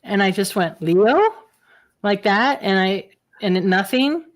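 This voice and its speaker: A woman talks as a guest on an interview show, her pitch sitting in the middle of the range. She tells her stories in a lively way and laughs between sentences. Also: normal speed. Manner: animated storyteller, laughs often. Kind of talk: casual interview talk.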